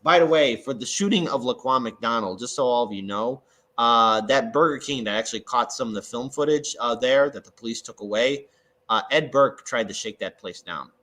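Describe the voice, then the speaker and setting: A man from Chicago talking through local politics in a casual, halting way, with many fillers and restarts. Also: medium pitch, fairly bright tone, rough recording. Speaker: guest commentator. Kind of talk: casual political talk over a call.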